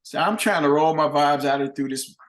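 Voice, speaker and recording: Older man telling animated stories. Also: on the high side, fairly quick, echoey room. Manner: animated, plain-spoken anecdotes. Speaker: guest musician. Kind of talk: casual storytelling.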